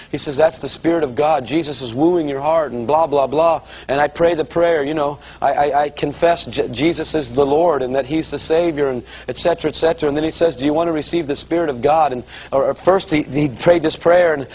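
A man's voice: fairly high pitch, darkish tone, rough recording. A middle-aged man preaching, telling his conversion story as a testimony and speaking straight to the folks listening. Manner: storytelling, addresses folks directly. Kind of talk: testimony sermon.

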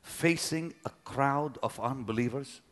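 A middle-aged preacher telling a personal story in a sermon, dropping to a hush and then rising to shouts. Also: male voice, medium pitch, measured pace. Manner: dramatic, swings from hushed to shouting.

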